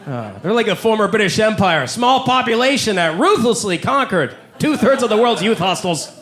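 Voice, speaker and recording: A man from Canada performing stand-up in a comedy club, speaking into a handheld mic. His voice sits high for a man and leaps around with lots of animation, and he lands his jokes punchily. A faint hum of ambience sits under his voice. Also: moderate pace, reverberant. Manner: animated, punchy joke delivery.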